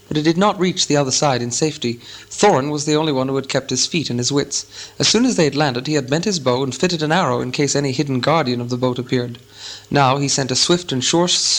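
A man reading a fantasy novel aloud as an audiobook narrator, with a measured, even storytelling delivery. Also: medium pitch.

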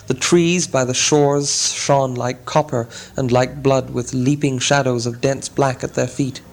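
Guy reading a storybook aloud, middle pitch, measured and dramatic. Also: rough recording. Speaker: audiobook narrator. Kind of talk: scripted narration.

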